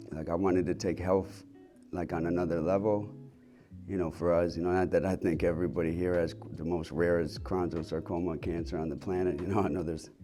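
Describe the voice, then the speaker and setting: A man in his thirties who owns a health center tells his personal story candidly, rambling with lots of fillers and casual swearing. His voice is low-pitched and mellow.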